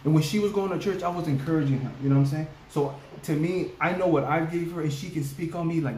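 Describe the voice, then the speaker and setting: A man's voice: fairly high pitch, fast talker, few pauses, dark tone. A man co-hosting a reaction video, talking rawly and emotionally, close to tears, repeating himself for emphasis. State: on the verge of tears. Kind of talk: emotional casual reaction talk. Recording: roomy echo, faint background noise.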